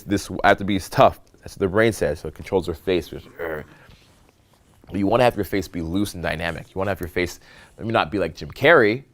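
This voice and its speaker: A man coaching social skills at a live seminar, animated and demonstrative, often checking in with the room. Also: sits low.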